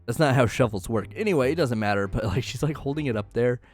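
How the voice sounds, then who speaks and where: A man's voice: mid-range voice, expressive, fast, darkish tone, soft background music. A man casually recapping an anime episode in a joking, rambling way, often laughing.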